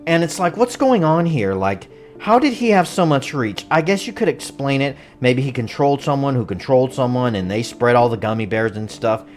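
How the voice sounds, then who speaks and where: A movie reviewer rambles through a casual, spoiler-filled recap, cracking jokes and laughing often. The animated, medium-pitched voice moves at a normal speed with few pauses, over soft background music.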